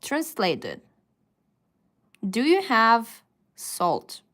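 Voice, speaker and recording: Slow-paced woman teaching on a live stream. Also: a little high, huge pitch swings, a bit bright. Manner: slow, patient explaining with frequent fillers. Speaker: Russian language teacher. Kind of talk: live-stream language lesson. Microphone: phone.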